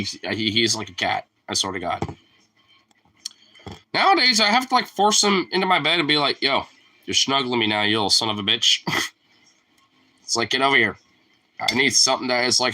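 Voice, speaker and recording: A young man rambling casually to his dog at home, profane and teasing, jumping into a high squeaky voice to call the pet. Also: pushed and bright. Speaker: vlogger talking to his dog. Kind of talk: casual chat.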